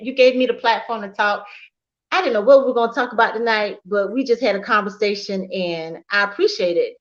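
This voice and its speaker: A woman's voice: medium pitch, fairly quick. A woman speaks as a guest on a live online show, earnest and encouraging as she praises her host. Her voice sits in a middle range, and the audio reaching the stream is slightly muffled and lo-fi. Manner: warm, encouraging, emphatic praise. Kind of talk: casual live-stream chat.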